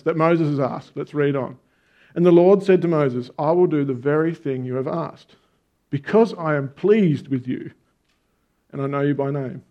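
Man, sermon, fairly high voice, dull lo-fi sound, chatty and emphatic. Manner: conversational, animated storytelling with emphatic stresses. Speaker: preacher.

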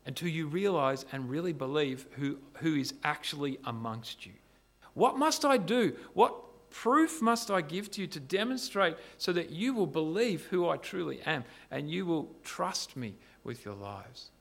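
A man acting out a calm, earnest male teacher who is pleading to be understood, in a sermon. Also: a little high, measured pace, creaky, exaggerated voice.

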